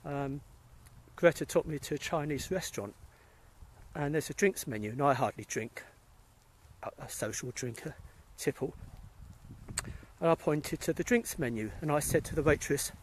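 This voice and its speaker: A man's voice: on the high side, lively intonation, normal speed, long pauses, a little hiss or hum. A middle-aged British man, a spiritualist medium, chatting casually and rambling as he greets viewers by name during a phone live stream while walking outdoors through a cemetery. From England. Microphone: phone held while walking.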